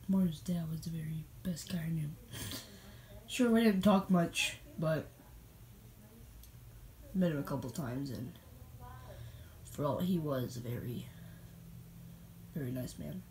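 A woman voicing a solemn male family friend who speaks in a measured, respectful way at a funeral, in a homemade puppet show. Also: a little mellow, poor audio. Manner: measured, low-key and respectful.

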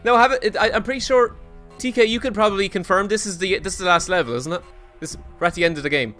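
A man streaming himself playing a video game. He gives casual commentary in an excitable, self-mocking way and swears often. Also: high voice, fast talker, faint music behind. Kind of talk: casual let's-play commentary.

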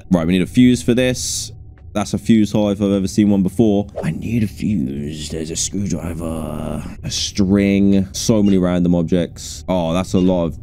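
A man giving live gameplay commentary as a gaming streamer, excitable and jumpy, with frequent laughter. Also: deep voice.

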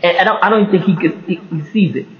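A man's voice: high-pitched, quick pace. A man talking in a casual faith-based monologue, rambling, laughing often and restarting mid-thought. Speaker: vlogger. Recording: roomy, slightly dull recording.

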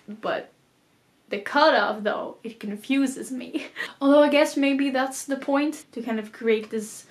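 A woman's voice: on the high side, steady tone, normal speed. A woman casually vlogging about reading, chatty and self-deprecating, often laughing at her own confusion. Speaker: book vlogger.

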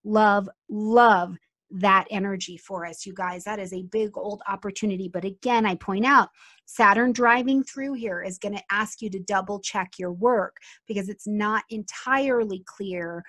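A woman giving a lively astrology reading, talking straight to her viewers and often asking them questions. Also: mid-range voice, moderate pace. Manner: animated, addresses viewers as "you guys". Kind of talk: casual astrology talk to viewers.

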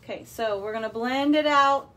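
A woman's voice: a little high, moderate pace, fairly bright tone. A woman casually demonstrating furniture painting on a livestream, chatty and playful, often checking in with her viewers. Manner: playful made-up words. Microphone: phone or camera livestream.

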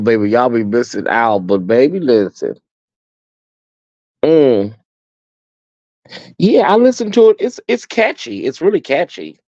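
A sassy, chatty American man hosting a live stream, his pitch swooping up and down as he talks. His voice is dark and mellow, recorded dry and a little dull. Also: no room sound. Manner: sassy, chatty, addresses viewers as honey and baby. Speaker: host. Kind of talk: casual live-stream chat.

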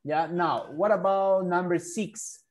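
A man's voice: high voice, fairly even intonation, slow pace. A man whose first language is Spanish, teaching English to a child over a video call, patiently repeating and drilling words. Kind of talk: online English lesson for a child.

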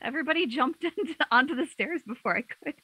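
A woman's voice: high voice, expressive, fast, sharp tone, no echo, low-quality recording. A woman playing a tabletop game, easygoing and a little hesitant. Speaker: player. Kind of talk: casual tabletop play.

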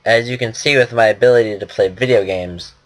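A faint hiss or hum sits under this man's fairly low voice as he talks briskly over a game at his home computer. His commentary is casual and wandering, full of jokes about himself.

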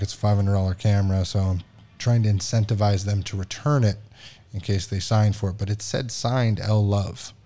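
A man's voice: on the low side, dark tone. A man hosting a podcast, casually telling a story in a frustrated, profane way and acting out the dialogue. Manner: frustrated, profane, quotes other people in dialogue. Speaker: podcast host.

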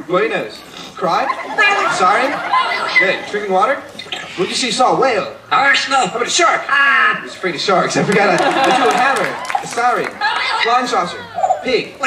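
A bird show trainer giving playful live patter to an audience, laughing often and firing off quick commands. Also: mid-range voice. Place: outdoor bird show amphitheater. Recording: distant mic, echo, loud crowd and noise.

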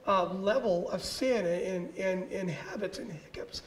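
A man's voice: high-pitched, a little slow, a little hiss or hum, poor audio. A man, a pastor, sharing church teaching in an earnest, conversational way and often saying "you know".

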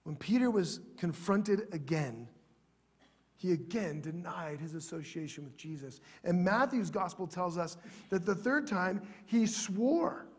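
A man pastor preaching a sermon in a church, earnest, sometimes dropping to a soft, prayerful tone. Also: high-pitched, animated, measured pace, slightly rough.

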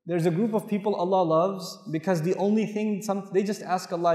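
A man giving an animated sermon, asking the audience rhetorical questions and reciting Arabic verses. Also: high-pitched, brisk. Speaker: Islamic lecturer. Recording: echoey hall with long reverb.

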